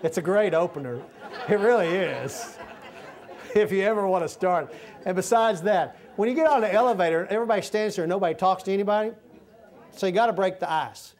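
A man's voice: sits high, a little fast, darkish tone, some chatter behind. A middle-aged man, preaching a sermon in a folksy, humorous storytelling way. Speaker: pastor.

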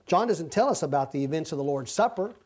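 A man teaching the Bible informally, folksy and given to halting restarts and repetition. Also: on the high side, expressive, darkish tone. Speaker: preacher.

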